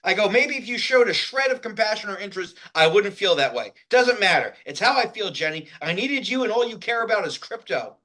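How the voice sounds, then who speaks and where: A man's voice: sits high, sing-song, brisk, few pauses, pushed and bright. A man in casual chat, animatedly retelling a text exchange and acting out both sides. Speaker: co-host. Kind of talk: casual chat, reading out chat messages.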